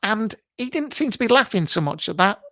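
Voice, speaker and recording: A man's voice: high voice, big pitch swings, fairly quick, no echo, exaggerated voice. A man playing a brash, camp middle-aged male TV psychic, blunt and rude, hosting a live show from a home garage. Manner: blunt, rude, mock-mystical, shouts greetings. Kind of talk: comic improvised live stream.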